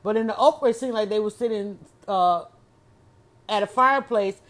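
A woman chatting casually on her own, animated and exclamatory, often restarting her sentences. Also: mid-range voice, moderate pace. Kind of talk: casual solo chat.

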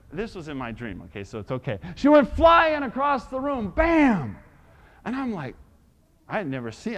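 Male preacher, high voice, dramatic sermon storyteller, hushed to loud.

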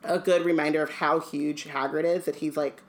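A woman's voice: deep voice, steady tone, moderate pace. A woman co-hosting a podcast, reading a book aloud and chatting with lots of laughs. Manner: chatty, laughs often, fillers. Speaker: podcast co-host. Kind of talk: casual chat and reading aloud.

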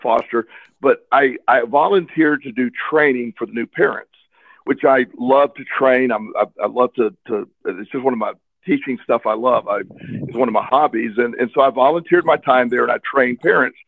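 A man's voice: medium pitch, normal speed, creaky, no echo. Man telling a candid story over a tinny phone line. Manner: candid and earnest, repeats words as he searches. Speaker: interview guest. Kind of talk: casual personal storytelling.

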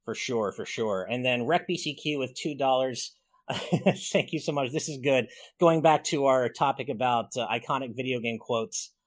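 Reading out super chats and supporters' names, this man hosting a casual gaming podcast stays upbeat and appreciative. His mid-range voice keeps a moderate pace, and the recording has no room sound.

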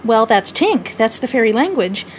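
A woman's voice: fairly high pitch, big pitch swings, normal speed, slight background noise. Woman voicing Peter Pan, cocky eager boy. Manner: passionate, cocky, boyish. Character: eager boastful boy who never grows up.

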